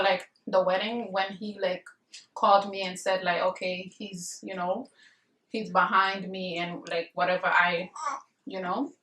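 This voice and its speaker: A woman's voice: medium pitch, a bit bright. Young woman, vlogger, blunt, rambling with fillers, roomy echo, mic a bit distant. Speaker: vlogger giving marriage advice. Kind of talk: casual advice chat to camera. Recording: echoey room, voice a bit far from the mic.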